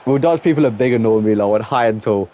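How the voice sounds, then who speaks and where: A man's voice: on the low side, fast talker. Chatty young English guy streaming. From England. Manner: rambling, chatty, talks to viewers. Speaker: gaming streamer. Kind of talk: casual chat while playing a football game. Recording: slightly dull lo-fi mic with faint noise.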